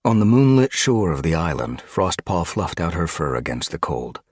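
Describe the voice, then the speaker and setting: A man reading an audiobook in steady scripted narration. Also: sits low, moderate pace, slightly rough, no room sound, studio quality.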